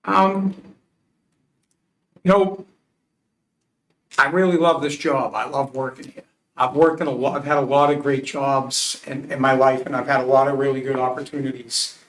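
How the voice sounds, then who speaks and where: A man's voice: mid-range voice, fairly even intonation, moderate pace, pauses often, a bit bright. A man from Massachusetts sits before a city council committee as a job candidate, answering in an earnest, emphatic way and restarting his sentences often. His voice sits in a middling register and carries a roomy echo from the chamber, with a faint hum of ambience behind him. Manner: earnest, emphatic, tells stories with many restarts. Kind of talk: answering interview questions. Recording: roomy public meeting audio.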